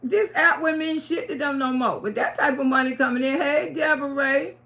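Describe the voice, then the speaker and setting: A middle-aged woman chats on a live stream with a high, gravelly voice. She talks bluntly and curses freely, repeating her points for emphasis as she speaks to her viewers. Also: fairly quick, a bit bright.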